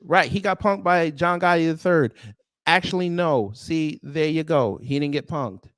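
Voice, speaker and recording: A man's voice: on the high side, normal speed, fairly bright tone, dry recording, studio quality. A man hosting a live-stream commentary show, answering his chat in a sarcastic, mocking and confrontational way. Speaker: host of a news commentary livestream.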